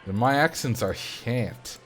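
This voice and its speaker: A man with a Dutch accent talks casually on a livestream, rambling from one thought to the next as he answers viewer chat. His voice sits at an ordinary middle pitch, with soft music playing faintly underneath. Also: lively intonation, slow pace. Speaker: streamer.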